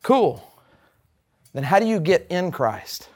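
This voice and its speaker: A man's voice: sits high, lively intonation, moderate pace. A man teaching a Bible class, speaking emphatically and putting rhetorical questions to the group.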